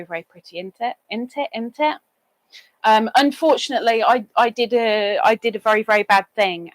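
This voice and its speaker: A woman's voice: fairly high pitch, no echo, low-quality recording. A woman hosting a casual live stream, chatting and reading viewer comments aloud, with sing-song greetings for each newcomer.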